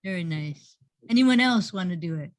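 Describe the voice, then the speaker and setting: A woman's voice: on the low side, expressive, moderate pace, no echo. A woman hosting an online workshop over a video call, praising participants effusively and often repeating her words. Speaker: workshop host and teacher. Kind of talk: encouraging group workshop feedback.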